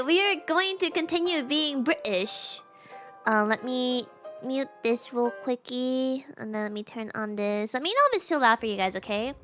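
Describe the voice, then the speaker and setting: A woman's voice: on the high side, pushed and bright. A young woman streaming a game, chatting casually and reading the story aloud with self-mocking asides.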